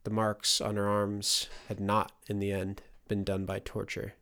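A man narrating a fantasy audiobook with a steady, even storytelling delivery. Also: lowish voice, unhurried, smooth. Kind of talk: scripted narration.

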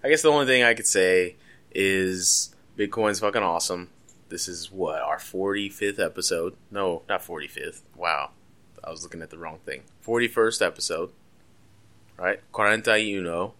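A man co-hosting a podcast in casual, profane banter. His voice sits a little low but sounds bright and forward. He jokes freely with his co-hosts. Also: normal speed. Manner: loose, profane, jokey. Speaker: podcast co-host.

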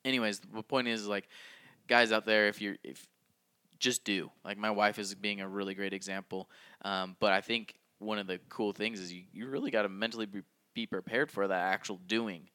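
A man's voice: on the low side, steady tone, moderate pace, pushed and bright, smooth. A young man co-hosting a casual podcast, telling a story in a rambling way full of likes and ums. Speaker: podcast co-host.

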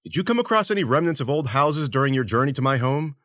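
A man voicing a male adventurer who tells of a desert journey in a measured, grave way. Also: medium pitch, expressive, a bit bright, no room sound, pitched above the performer's own voice, lightly acted.

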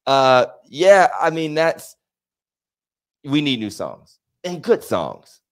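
A man co-hosting a casual podcast conversation, joking and animated, often breaking into laughter. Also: a little high, slow. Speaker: podcast co-host. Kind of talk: casual chat.

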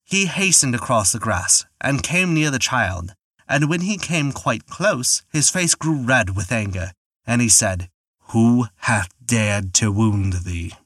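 A man narrates a folk tale in measured, expressive storytelling. His voice moves freely up and down and sounds bright. The recording is close and dry. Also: medium pitch, dry recording. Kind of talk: scripted narration.

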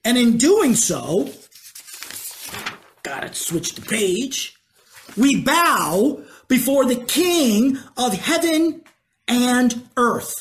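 A preacher teaching a sermon in a conversational way, asking the congregation questions and moving between slow emphasis and quick asides. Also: mid-range voice, big pitch swings, a little hiss or hum.

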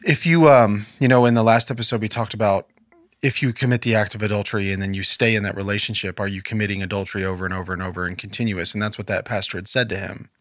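A man's voice: fairly low pitch, steady tone, quick pace, a bit bright, no echo. A man co-hosting a casual faith podcast, talking earnestly and quoting scripture in a preacherly way. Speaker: podcast co-host. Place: podcast studio.

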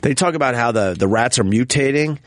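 Male talk host, mid pitch, loose rambling delivery with swearing and stammers, dry studio sound. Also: expressive, brisk, no echo. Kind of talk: casual chat.

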